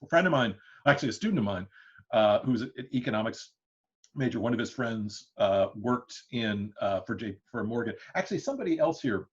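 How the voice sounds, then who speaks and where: Expressive and a little fast, this medium-pitched man is a history lecturer giving an interactive class. His speech rambles with fillers and restarts, and he often chuckles. It was captured as a dull, lo-fi lecture recording.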